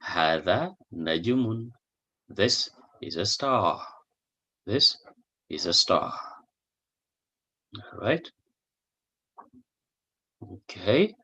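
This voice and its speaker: A man teaching a recorded language lesson, his voice lowish and bright. He talks very slowly and patiently, repeating each example with its translation and checking in with a short "hmm?". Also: animated, breathy edge. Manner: asks "hmm?" to check understanding. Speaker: Arabic teacher.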